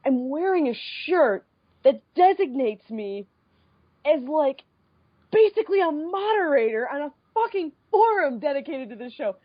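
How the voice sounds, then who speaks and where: Animated, swearing young woman storyteller. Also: sits high, moderate pace. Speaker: podcast co-host. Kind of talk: casual chat. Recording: dull lo-fi podcast audio.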